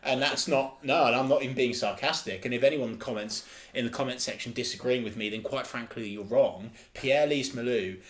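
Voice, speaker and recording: A man's voice: medium pitch, brisk, few pauses. Emphatic enthusiastic man. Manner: enthusiastic, emphatic, repeats himself. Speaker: podcast co-host. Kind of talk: casual football chat.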